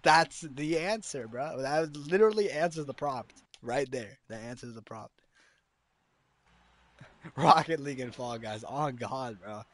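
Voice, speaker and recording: A young man live-streaming games, bantering in slang and yelling at the gameplay. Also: mid-range voice, measured pace. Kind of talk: live gaming stream chat.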